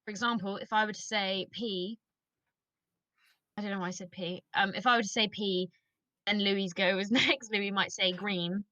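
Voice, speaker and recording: A woman's voice: medium pitch, steady tone, normal speed, bright, forceful tone, no room sound, low-quality recording. A woman co-hosting a comedy podcast and running its games, giggly as she explains the rules. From England. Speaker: podcast co-host and game master. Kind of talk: casual podcast chat.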